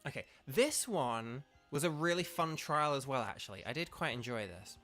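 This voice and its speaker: A man's voice: medium pitch, expressive, moderate pace, bright, forceful tone, soft background music. A man, congested, hosting a let's play with rambling, filler-heavy commentary. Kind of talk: casual game commentary.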